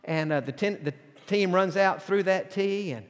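A middle-aged pastor from Tennessee preaching a sermon, telling folksy stories with self-deprecating humor. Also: male voice, sits high, moderate pace. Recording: long hall reverb.

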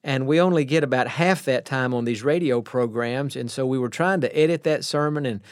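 A man preaching a radio sermon in an earnest, plainspoken way, slowing down to stress key words. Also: medium pitch, clean tone, dry recording, studio quality.

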